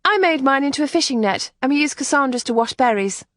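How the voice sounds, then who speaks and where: A wild and cheerful nineteen-year-old girl, shrill and theatrical, her voice leaping far above the reader's own, as a woman puts her on. Her lines bounce and swoop, close to the mic. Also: lively intonation, fast talker, fairly bright tone, dry recording.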